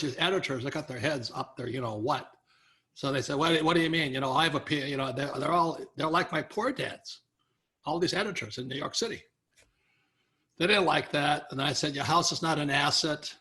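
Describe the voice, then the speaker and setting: An older man, a guest author, telling animated anecdotes in an interview, acting out quoted voices. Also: on the high side. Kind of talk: storytelling interview.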